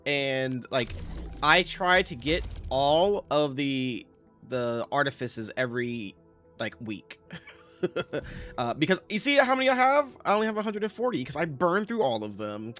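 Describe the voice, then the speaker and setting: Over soft background music, a male game streamer chats his way through a factory-building game, rambling and correcting himself often. His medium-pitched voice is fairly bright, swings widely in pitch, and moves at an unhurried pace.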